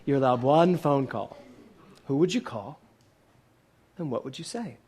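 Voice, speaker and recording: Animated yet a little slow, a minister in his sixties uses a mid-range, slightly mellow and breathy voice. He gives a sermon to a church-hall congregation, asking plenty of questions and joking with laughter here and there.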